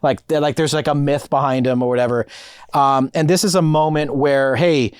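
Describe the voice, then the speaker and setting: A man's voice: a little high, normal speed, clear, resonant tone, no echo. A male podcast co-host with a slightly raised voice, telling stories with lots of energy and casual swearing. The sound is dry and close, with no room around it. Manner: animated, swears often, acts out movie scenes.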